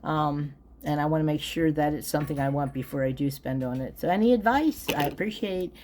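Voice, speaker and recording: A woman's voice: sits low, a little fast, a little mellow, a little hiss or hum. A woman vlogging from home, giving a chatty, rambling product review, often breaking off mid-sentence and chuckling.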